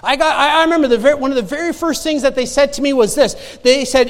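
High voiced guy preaching, chatty storytelling, church with long echo. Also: fast talker, few pauses. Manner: conversational preaching, storytelling with laughs and repeated restarts. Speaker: pastor. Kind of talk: sermon. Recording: church sanctuary with long reverb.

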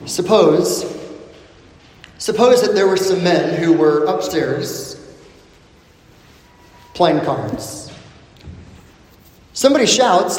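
A man delivers a sermon in a high, expressive voice that rises and falls widely. He speaks slowly and deliberately, moving from urgent calls to hushed, solemn lines. The sound carries a long echo from a large hall. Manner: dramatic storytelling, swings between loud urgency and hushed lines. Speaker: preacher.

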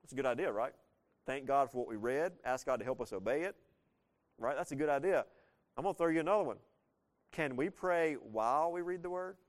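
A man's voice: mid-range voice, fairly quick. A man preaching a sermon as pastor, talking plainly with his congregation and asking them questions as he goes. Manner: conversational, asks the congregation questions; lively preaching with frequent shifts in loudness.

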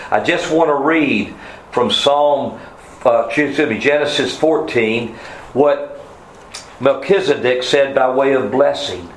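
A fervent man preaches a sermon, drawing out phrases slowly and then pushing his voice up high for emphasis. His voice rings through an echoey church room, with faint ambience underneath. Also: slight background noise. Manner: fervent, swings from soft to loud rising emphasis.

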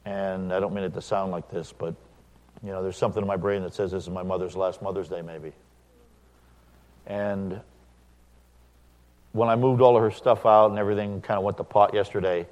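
A middle-aged man, a pastor, preaching a sermon, animated when he acts out quoted dialogue and quiet when he reflects. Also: on the low side, long reverb tail.

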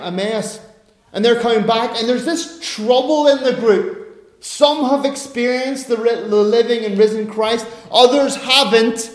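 A man preaching a sermon in a conversational way, now and then acting out the voices of the people in his story. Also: very high-pitched. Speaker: pastor. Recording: echoey room.

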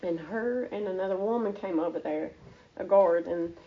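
A woman telling her personal faith testimony in an earnest, halting, emotional way. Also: fairly low pitch, dull audio.

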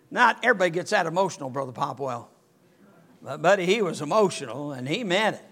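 An older man preaching a sermon, telling a story in an animated way and rising to near-shouts. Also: sits high, vocal fry. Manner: animated, rises to near-shouting when excited. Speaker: pastor.

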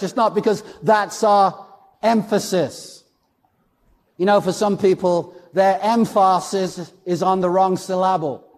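Guy preaching, kinda high gravelly voice, hammers words over and over, big echoey church. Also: darkish tone. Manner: emphatic, repeats words for stress. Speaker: pastor. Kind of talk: sermon. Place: church sanctuary. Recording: church hall reverb.

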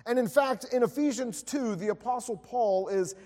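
A man's voice: very high-pitched, normal speed, a little mellow. A man preaching a sermon, opening in prayer and telling a story with frequent filler words. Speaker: pastor. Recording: long hall reverb.

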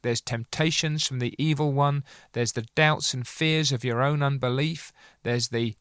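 A man giving an earnest sermon, reading old sermon passages aloud and commenting on them, slowing down to press his points. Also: mid-range voice, fairly even intonation, fairly bright tone, no echo, clean studio sound. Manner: earnest, slows for emphasis, pleading. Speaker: preacher.

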